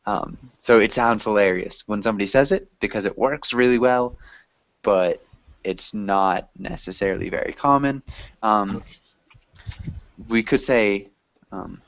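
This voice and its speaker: A man with a slightly low voice explains grammar to students in a relaxed, rambling way, filling pauses with ums. The sound is dry and somewhat muffled, lo-fi quality. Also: no echo. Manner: patient, loose and chatty, with many ums. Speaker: English teacher. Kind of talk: explaining in an online class. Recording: dull lo-fi audio.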